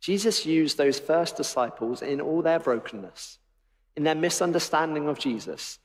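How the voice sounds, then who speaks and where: A man's voice: a little high, expressive, normal speed. Wry preaching man in reverberant church. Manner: emphatic, wry preaching with acted-out quotes. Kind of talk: sermon. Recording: long reverb of a church hall.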